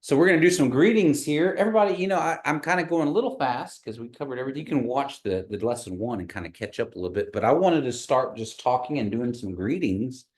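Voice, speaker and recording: A man teaching a language class, patient and encouraging, slowing down to model each sound. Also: medium pitch, expressive.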